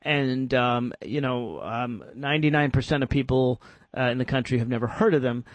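A man hosting a political talk radio show, arguing in an animated way and acting out imagined exchanges. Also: medium pitch, normal speed, dry recording.

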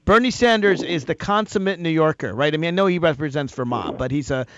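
Insistent male talk radio host, slightly high voice. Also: animated, lo-fi sound, background noise. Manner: brisk, insistent, interrupts to make his point. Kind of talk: political call-in talk.

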